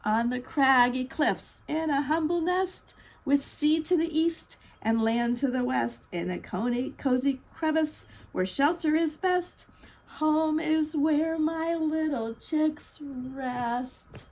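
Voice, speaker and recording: Squawking mother gull, woman voicing high, sing-song, slow rhyming. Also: a little mellow. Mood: squawky. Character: motherly kelp gull, fussy seabird.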